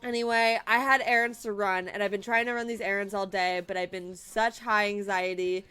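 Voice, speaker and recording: A woman's voice: mid-range voice, fairly even intonation, normal speed, pushed and bright, smooth, soft background music. A woman in her late twenties, a streamer telling viewers about her day in an emotional, rambling way, laughing through tears. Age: late 20s. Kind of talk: casual storytelling to viewers.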